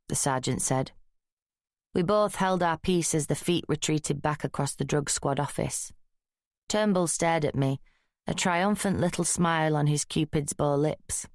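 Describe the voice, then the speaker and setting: A woman reading a crime thriller audiobook in a dry, wry, measured first-person narration. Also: sits low, dry recording.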